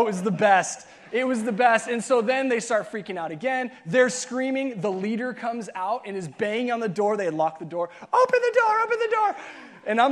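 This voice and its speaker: A man who is a youth pastor, preaching and telling a funny camp story with self-mocking asides and acted-out voices. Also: high voice.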